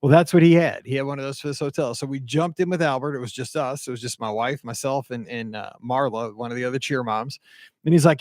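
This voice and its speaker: A middle-aged man from the American Midwest, hosting a podcast and telling a rambling, animated story full of asides and quoted dialogue. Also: medium pitch, fast, no room sound, clean studio sound. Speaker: podcast host. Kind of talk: casual storytelling monologue.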